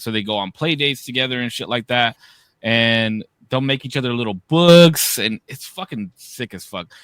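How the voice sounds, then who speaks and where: A man in his thirties co-hosting a podcast, telling profane, animated stories and shouting the quoted lines. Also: medium pitch, no echo. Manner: animated, profane storytelling with loud quoted outbursts. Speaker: podcast co-host. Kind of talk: casual storytelling.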